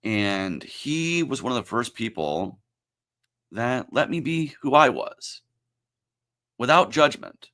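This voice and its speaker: A man turning forty, hosting his own livestream and talking in a reflective, halting, emotional way, with many pauses and fillers. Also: medium pitch, sing-song, bright, forceful tone. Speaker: livestream host. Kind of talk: casual livestream talk.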